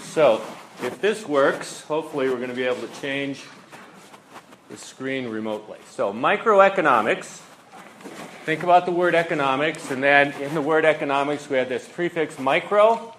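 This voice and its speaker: A man's voice: on the high side, moderate pace, fairly bright tone, a little hiss or hum, poor audio. Casual male economics lecturer. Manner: informal, conversational, with frequent fillers and rhetorical questions. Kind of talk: classroom lecture.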